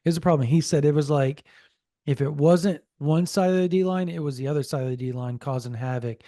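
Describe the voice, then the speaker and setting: A man co-hosting a sports podcast, telling a story in a casual, animated way and relaying a source's quotes. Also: a little high, fairly quick, no echo, studio quality. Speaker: podcast co-host.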